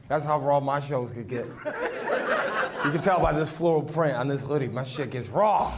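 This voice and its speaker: A man's voice: fairly high pitch, animated, normal speed. A man doing a stand-up set in a small comedy club on a handheld mic, brash and profane, teasing the audience. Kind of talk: stand-up set with crowd work. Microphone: handheld microphone. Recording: noisy live club with loud crowd. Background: audience laughter.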